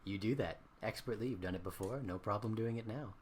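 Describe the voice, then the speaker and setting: A man running a tabletop game as dungeon master, narrating with animated swings between hushed and loud delivery. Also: lowish voice, brisk, a crowd in the background.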